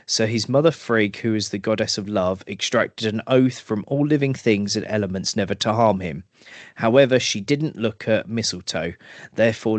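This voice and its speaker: A man's voice: on the low side, dry recording. A British man co-hosting a podcast, chatty and self-mocking as he recounts folklore. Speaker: podcast co-host. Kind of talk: casual chat, storytelling.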